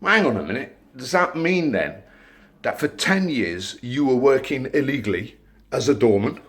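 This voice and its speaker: A man's voice: medium pitch, lively intonation, moderate pace. A middle-aged man, a door supervisor, ranting bluntly to camera and swearing freely.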